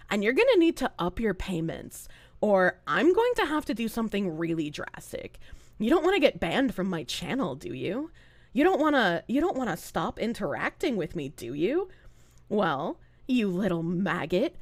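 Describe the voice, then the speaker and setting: A woman's voice: mid-range voice, dry recording, voice pushed down. Woman putting on a sneering domme streamer. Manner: condescending, taunting. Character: domineering woman streamer, cruel and mocking.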